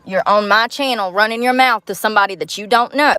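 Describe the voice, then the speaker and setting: A woman's voice: medium pitch, quick pace, pushed and bright, clear, resonant tone, dry recording. A woman hosting a livestream, talking bluntly and angrily to her viewers, with plenty of cursing. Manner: blunt, heated and profane, talks straight to viewers. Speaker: livestream host. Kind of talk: angry livestream rant.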